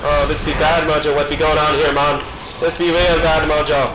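A man's voice: a little high, level tone, normal speed, reverberant, voice pushed up, natural voice. A man doing a goofy panicky mock-dialect voice. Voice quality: silly mock dialect, comic. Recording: muffled with game noise behind.

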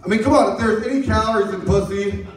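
A male stand-up comic with a high voice who rambles through crude jokes and often laughs at them himself. His set rings through a very echoey room. He sounds well back from the microphone. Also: quick pace, slight background noise. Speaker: stand-up comedian. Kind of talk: stand-up routine. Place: comedy stage. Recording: echoey room, mic far off.

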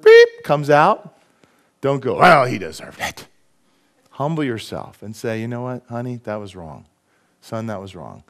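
A middle-aged man delivers a sermon in a church sanctuary. He preaches in a lively, conversational way, often turning to the congregation with quick asides. His voice sits in an ordinary middle register. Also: mid-range voice. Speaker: pastor.

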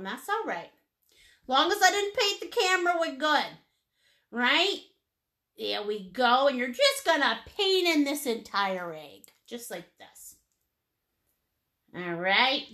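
Woman painting instructor, playful and warm with viewers, bright voice with unhurried delivery. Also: sits high. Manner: chatty and encouraging, greets viewers with pet names; playful, laughs often. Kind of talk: live-streamed painting lesson.

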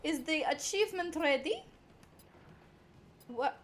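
A woman streaming a game, chatting to her audience in excitable, foul-mouthed commentary. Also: sits high, slow pace, slight background noise. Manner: excitable, swears a lot, talks to the chat. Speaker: gaming streamer. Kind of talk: let's-play commentary.

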